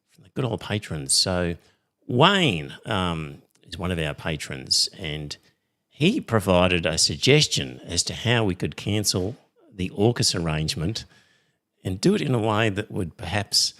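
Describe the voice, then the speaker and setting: A middle-aged Australian man hosting a podcast in casual chat, rambling and reading listener messages with many pauses and ums. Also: low voice, a bit bright. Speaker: podcast host.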